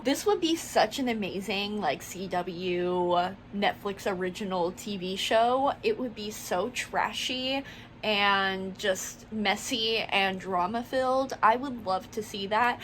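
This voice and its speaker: A woman's voice: on the high side, a bit bright, a little hiss or hum. A young woman from the United States chatting casually in a book vlog, gushing and full of "like" fillers. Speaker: book vlogger.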